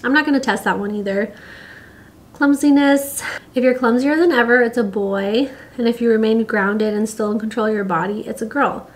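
Chatty young woman vlogger with a fairly high voice; giggles often, pregnant, loose conversational delivery full of "like" and "um." Keep it relaxed and talky. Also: moderate pace. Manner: chatty, giggly, many fillers. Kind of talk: casual chat to camera.

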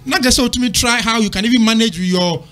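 A man arguing his point on a talk panel, his voice pitched high for a man. He rambles and stumbles over repeated syllables, with faint music behind him. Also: quick pace, a bit bright. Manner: rambling, stammering restarts. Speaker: panel guest. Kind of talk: casual opinionated debate.

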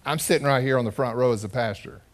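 A male pastor preaching in a church, voice sitting at an ordinary middle pitch. He tells his story in a relaxed, conversational way and keeps turning to the congregation with questions. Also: fast. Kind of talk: storytelling sermon. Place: church sanctuary.

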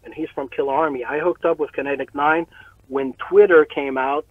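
Excited man telling stories over a tinny line. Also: on the high side, moderate pace, no echo. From Canada. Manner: excited, swearing, laughing, acts out quotes. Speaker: guest. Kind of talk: casual storytelling interview.

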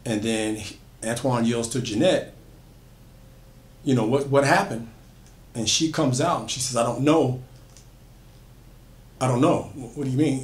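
A man's voice: medium pitch, darkish tone. A man retelling a horror story in a loose, conversational way, with frequent fillers and restarts. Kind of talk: casual spoken horror storytelling. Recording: echoey room.

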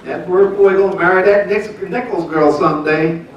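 A pastor in his seventies speaks at normal speed in a voice that sits high, telling a folksy, laughing marriage story during church testimony and announcements. The lo-fi recording picks him up from far off in the echoey sanctuary.

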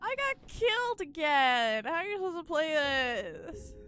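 A woman's voice: high-pitched, sing-song, measured pace, bright, forceful tone, faint music behind. A young woman commenting on a horror game as she plays, easily spooked, shrieking, swearing and laughing nervously. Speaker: gaming video host.

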